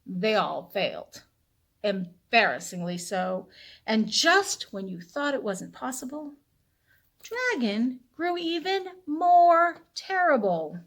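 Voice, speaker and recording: A woman librarian reading a picture book aloud to children in a playful, animated storytelling voice. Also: fairly high pitch, takes it slowly.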